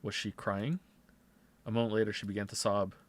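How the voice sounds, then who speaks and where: A man's voice: on the low side, little pitch movement, a little fast. A male streamer reading a visual novel's text aloud and breaking off into wry, sarcastic asides.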